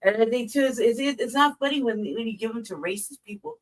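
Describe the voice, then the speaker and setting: A woman chatting casually on a podcast, telling animated, profane stories and laughing often. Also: on the high side, a little fast, recorded from a distance, poor audio. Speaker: podcast co-host. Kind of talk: casual storytelling chat.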